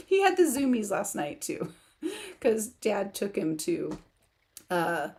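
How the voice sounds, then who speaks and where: A woman's voice: medium pitch, very animated, drawn-out words, pauses often, darkish tone. Chatty woman hosting a livestream. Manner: chatty, laughs often, reads viewer comments aloud. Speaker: livestream host for writers. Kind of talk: casual livestream chat. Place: home in the countryside.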